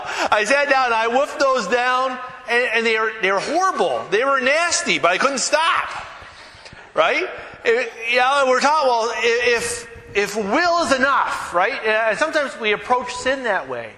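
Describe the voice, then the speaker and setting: A man's voice: very high-pitched, very animated, measured pace, sharp tone, long reverb tail. A man preaching a sermon as pastor, talking casually with anecdotes, many fillers and restarts. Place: church.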